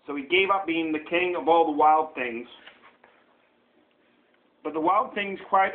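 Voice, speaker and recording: A man's voice: fairly high pitch, a little slow. A man reading a picture book aloud to his young son at home, playful and coaxing, breaking off to point at pages and roar. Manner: animated, coaxing, playful roaring. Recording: tinny phone-like home video sound.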